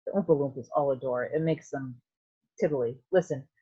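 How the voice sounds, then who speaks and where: A woman voicing an eccentric, excitable male candy maker who talks briskly and bossily. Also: rumbling low, slightly rough, lo-fi sound. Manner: brisk, bossy, theatrical.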